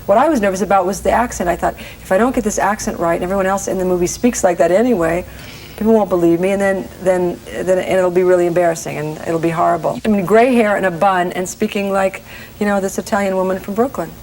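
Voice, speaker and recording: A woman's voice: medium pitch, steady tone, a little mellow, slight background noise, low-quality recording. A woman in her forties, a guest actress in a casual TV interview, talking earnestly and restarting her sentences often. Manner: earnest, halting, many restarts.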